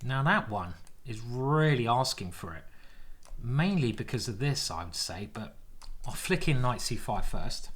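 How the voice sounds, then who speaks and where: Man, chess commentary while playing, exclaiming, self-mocking banter, mid-pitched voice. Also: a bit bright. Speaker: chess grandmaster streamer.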